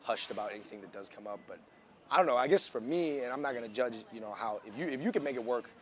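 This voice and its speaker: A man's voice: mid-range voice, lively intonation, fast. A man chatting loosely in a casual interview, with many likes and restarts, recorded outside.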